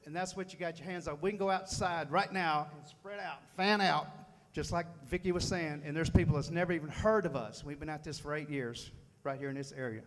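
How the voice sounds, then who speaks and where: A man's voice: fairly high pitch, a little fast. A man giving a folksy, fired-up motivational speech to a room at a sales meeting, repeating phrases for emphasis. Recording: long hall reverb.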